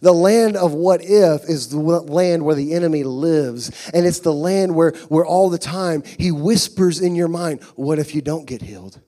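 Fervent preacher man, hushed to shouting. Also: on the high side, unhurried, few pauses. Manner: swings from hushed to shouting with rising fervor. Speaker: pastor. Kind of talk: sermon. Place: church sanctuary.

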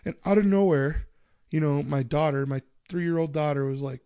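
Swearing storyteller dad, dry close mic. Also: male voice, a little high, moderate pace, warm tone, clear, resonant tone, no echo. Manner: profane, storytelling, laughing often. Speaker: podcast host. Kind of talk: casual chat.

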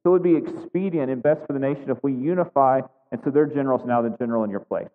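A man's voice: medium pitch, fast talker. A man preaching a conversational sermon on scripture. He talks in a chatty way, with restarts and frequent tag questions. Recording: tinny echoey hall recording.

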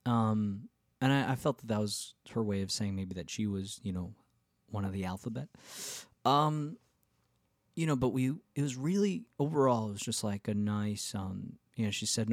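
A man's voice: on the low side, moderate pace, creaky, dry recording, studio quality. A man hosting his own podcast, telling a travel story in a candid, rambling, self-deprecating way, with lots of fillers and restarts. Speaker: podcast host. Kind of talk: casual solo storytelling.

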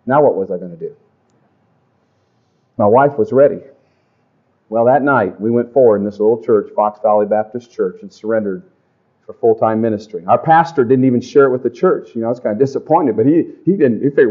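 A middle-aged man preaching a testimony sermon to a congregation, folksy and animated in his storytelling. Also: mid-range voice, brisk. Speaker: pastor. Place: church or camp meeting. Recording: dull lo-fi live recording.

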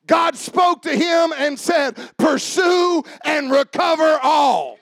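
High-pitched, gravelly preacher man. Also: expressive, slow. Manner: preaching with rising shouted cadence. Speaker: pastor. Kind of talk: Father's Day sermon.

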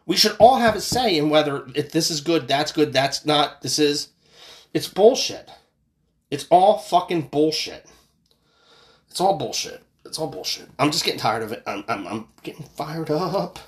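A fired-up American man in his thirties rants on his own podcast, swearing freely and repeating himself when he gets heated. His pitch swings widely, leaping up for sarcastic jabs and dropping low for grumbled asides. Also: animated, normal speed. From United States. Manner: profane, angry, ranting with sarcastic outbursts. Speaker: podcast host. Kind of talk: casual political rant.

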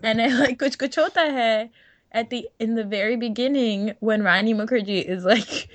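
A woman's voice: a little high, normal speed. A young woman co-hosting a podcast in casual chat, giggly and full of fillers. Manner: chatty and giggly, many fillers. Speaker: podcast co-host.

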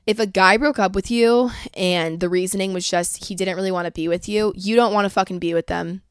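A woman's voice: medium pitch, fairly even intonation, a little fast, smooth, no echo, studio quality. A young woman hosting a podcast from home, giving candid, casual advice in a blunt way and swearing often. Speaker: podcast host.

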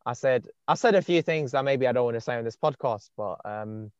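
Young male podcast host, relaxed rambling delivery, dull lo-fi mic. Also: mid-range voice, brisk, clear, resonant tone, no room sound. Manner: laid-back storytelling with many fillers. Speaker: podcast host and dating coach. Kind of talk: casual podcast chat. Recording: dull muffled podcast sound.

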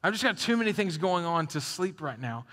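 A young adult man preaching a sermon as a pastor, animated, dropping to a hush and rising loud, acting out the quotes he reads. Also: high-pitched, brisk. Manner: animated, swings from hushed to loud, acts out quotes. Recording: echoey hall reverb.

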